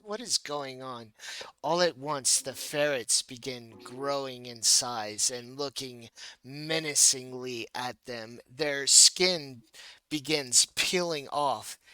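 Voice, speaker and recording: Bright, clear man narrating a tabletop game. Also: medium pitch, no room sound. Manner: playful narration with laughs and restarts. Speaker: game master.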